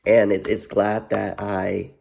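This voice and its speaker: Rambling male vlogger, low and gravelly, swears freely, loops on fillers. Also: little pitch movement, takes it slowly, darkish tone. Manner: rambling, heavy filler "you know what", profane, repeats himself. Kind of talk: casual rambling commentary.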